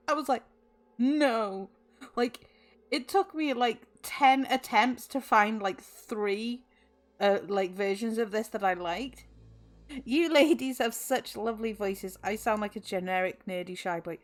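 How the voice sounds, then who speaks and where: A Welsh woman in her twenties chats casually on a stream, her voice slightly high and unhurried. She's chatty and giggly, sprinkling in plenty of fillers.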